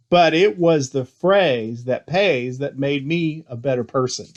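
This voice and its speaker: A middle-aged man from Texas, a business owner, giving casual motivational tips in an earnest storytelling manner and growing animated when he quotes himself. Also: medium pitch, unhurried, lo-fi sound.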